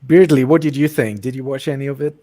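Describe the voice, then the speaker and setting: Husky-voiced man hosting. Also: mid-range voice, fast talker. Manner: relaxed, chatty, laughs often. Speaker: host. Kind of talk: casual chat.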